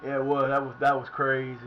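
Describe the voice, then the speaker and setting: A middle-aged man streaming live and chatting casually as he plays, excitable and profane, often yelling at the action. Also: medium pitch, a little fast, lo-fi sound, slight background noise. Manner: excitable, profane, shouts at the play. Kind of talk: casual live commentary while playing.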